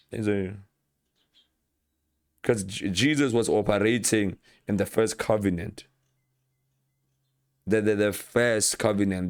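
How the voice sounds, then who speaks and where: A man delivers an informal sermon in a very deep voice. He retells Bible stories with lively acted-out quotes and often repeats himself as he builds a point. The sound is dry and close. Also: dry recording. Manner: animated, acts out Bible scenes with quoted voices, repeats words. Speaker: preacher.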